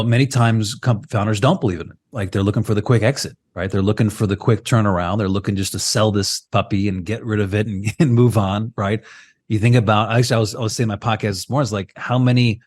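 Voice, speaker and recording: Over a video call, a lowish-voiced man co-hosting a podcast keeps the casual conversation loose and animated. Ideas tumble into one another, and he punctuates his points with a fast "right?"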